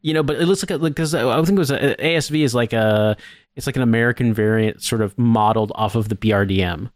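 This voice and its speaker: A man's voice: medium pitch, quick pace, dry recording, clean studio sound. A man co-hosting a podcast, rambling in a casual, profane way with lots of fillers. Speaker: podcast co-host. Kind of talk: casual chat.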